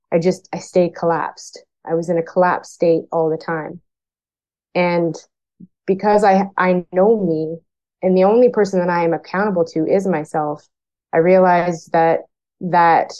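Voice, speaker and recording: Low-voiced woman firefighter, frank. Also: warm tone, muffled recording. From Canada. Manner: frank, plain-spoken, acts out remembered dialogue. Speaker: firefighter guest. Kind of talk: candid personal storytelling.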